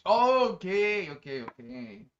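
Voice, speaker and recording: Male streamer, high and bright, rambling and excitable chat, lo-fi dull stream mic. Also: slow pace. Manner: excitable, bursts into loud exclamations; chatty, rambling, many fillers. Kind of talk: casual live-stream chat.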